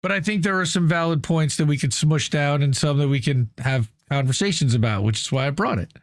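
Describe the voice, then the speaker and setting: Brief: male host, higher-pitched voice, casual profane commentary, reads then riffs, dry close mic. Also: brisk, no room sound. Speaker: news show host. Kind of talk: casual commentary reading and reacting to an article.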